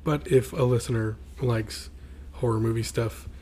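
A man's voice: medium pitch, fairly even intonation, unhurried, a little mellow, slight background noise. A married man co-hosting a podcast in casual chat, rambling with fillers and restarts. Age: adult, married. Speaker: podcast co-host.

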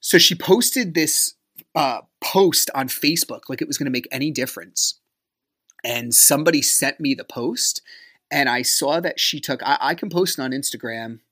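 A man hosting a podcast, talking through a personal story in a loose, conversational way. His speech is full of fillers and dry, exasperated asides. He leaps up in pitch when he acts out what others said. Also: moderate pace, pushed and bright. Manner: casual and conversational, with frequent fillers; acts out quoted dialogue with big pitch jumps. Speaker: podcast host.

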